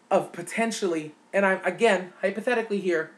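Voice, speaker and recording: A woman's voice: on the low side, expressive, measured pace. A woman vlogger delivering an impassioned, indignant opinion rant, repeating words for emphasis.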